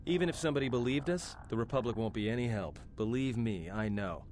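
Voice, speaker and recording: A man's voice: medium pitch, quick pace, a little mellow, slight background noise, natural voice. A man voicing a cynical, streetwise pilot in a video game, talking in a wry, sarcastic way.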